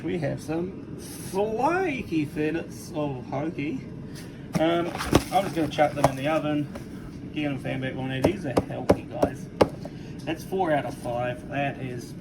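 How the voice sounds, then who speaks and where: A man's voice: mid-range voice, heavy background noise. A man from England doing a casual, self-mocking home cooking vlog, chatting to his dogs between steps. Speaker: cooking vlogger.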